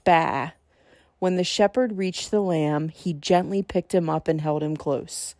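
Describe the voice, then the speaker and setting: Slow, gentle woman storyteller. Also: fairly low pitch, no room sound, clean studio sound. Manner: gentle, measured storybook reading. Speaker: children's church storyteller. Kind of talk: reading a Bible storybook aloud.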